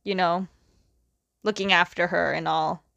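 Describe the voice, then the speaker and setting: A woman's voice: lowish voice, steady tone, a little slow, creaky, a bit bright, no room sound, muffled recording. A woman voicing an earnest, anxious young prince who talks hesitantly.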